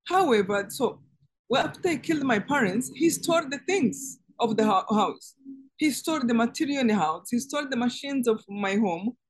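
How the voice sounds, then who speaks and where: A woman guest giving an earnest personal testimony in conversation, halting and restarting as she speaks. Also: fairly high pitch, lively intonation. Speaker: interview guest.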